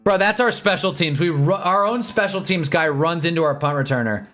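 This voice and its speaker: A young man casually reacting to live football games on a stream, swinging from low muttering to excited yelling at big plays. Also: a little fast, soft background music. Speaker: sports streamer. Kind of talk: live football watch-along commentary. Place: home streaming room with green screen.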